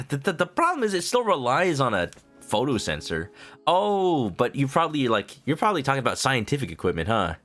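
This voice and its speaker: A man's voice: medium pitch, wildly swooping pitch, brisk, a bit bright, faint music behind. A man streaming a video game, chatting casually with rambling, joking asides. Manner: rambling, joking, self-interrupting. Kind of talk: casual live-stream commentary.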